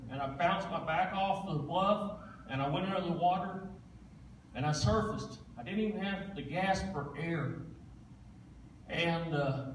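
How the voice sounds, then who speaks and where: A guest speaker in his 40s gives his testimony during a church service, his fairly high voice carried by the echo of a big sanctuary. He tells his story plainly with folksy Southern phrasing, captured on a distant mic with a little hiss or hum.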